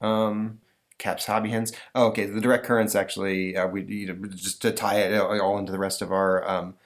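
A man's voice: lowish voice, normal speed. A man hosting a podcast, chatting casually and rambling with lots of fillers. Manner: rambling, filler-heavy, lively. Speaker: podcast host. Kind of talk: casual chat.

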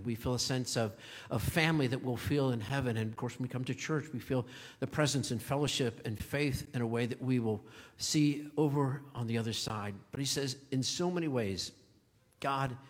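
A male pastor preaching a sermon in a conversational, storytelling way, chuckling now and then. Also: mid-range voice. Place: church sanctuary. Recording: long hall reverb.

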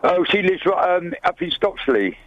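A man's voice: sits high, big pitch swings, moderate pace, dull audio. A man calling in to a radio phone-in, rambling and repeating himself in nonstandard grammar. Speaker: radio caller. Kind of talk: phone-in call.

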